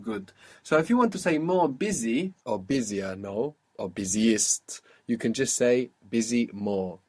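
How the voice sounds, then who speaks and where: A man's voice: mid-range voice, lively intonation, moderate pace. Patient male language teacher. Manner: patient, repeats and models each phrase. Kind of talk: guided language lesson.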